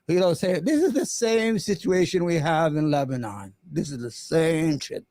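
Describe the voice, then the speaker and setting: A man hosting an opinionated live commentary stream, impassioned and sarcastic, often halting on fillers and restarts. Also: a little high, lively intonation, a little mellow, no echo. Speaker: livestream host.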